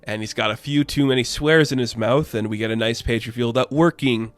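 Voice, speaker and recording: A man's voice: mid-range voice, fairly quick, dry recording. Rambling, sarcastic young man reviewing comics. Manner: rambling, sarcastic, loose paraphrasing with frequent fillers.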